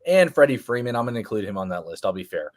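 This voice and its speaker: A man's voice: lowish voice, big pitch swings, rapid-fire. A man co-hosting a live fantasy baseball show, answering viewer questions in casual talk full of ums and restarts. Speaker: fantasy baseball podcast co-host. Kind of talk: casual live-stream chat.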